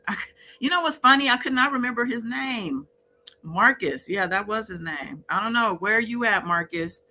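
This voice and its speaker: A woman's voice: on the low side, bright, forceful tone, slight background noise, low-quality recording. A woman hosting a casual livestream, chatting with viewers in the chat by name. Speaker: livestream host.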